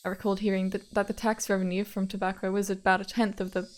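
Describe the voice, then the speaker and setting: A woman's voice: mid-range voice, flat delivery, quick pace. A woman streamer reading a visual novel aloud, breaking off into giggly casual asides and playful repetitions of words.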